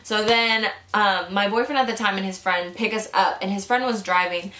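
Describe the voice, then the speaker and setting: A woman's voice: medium pitch, steady tone, normal speed, a bit bright. A young adult woman vlogger telling a story in a casual, chatty way. She swears freely and fills her sentences with "like". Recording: echoey room.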